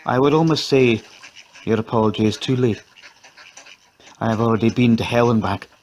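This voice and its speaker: A man reading an audio story, voicing a downtrodden, haunted wife who speaks in a measured, grave and despairing way. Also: mid-range voice, darkish tone, slight background noise, lightly acted, low-quality recording. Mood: bitter, despairing.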